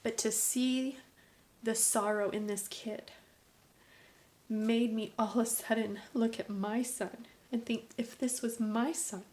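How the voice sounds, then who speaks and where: A woman's voice: on the high side, fairly even intonation, slow, a little mellow. A middle-aged woman talking straight to camera about her family, earnest and preachy, often dropping into a whisper for emphasis. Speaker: vlogger, mother. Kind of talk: emotional personal vlog monologue.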